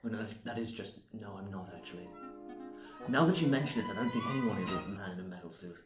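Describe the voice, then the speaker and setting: A man's voice: expressive, quick pace, roomy sound, music in the background, lightly acted. A man voicing a naive, amnesiac automaton in a tabletop game, stammering and full of wonder. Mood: puzzled. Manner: wondering, stammering, swooping pitch. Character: naive amnesiac male automaton, curious and chatty. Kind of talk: tabletop role-play.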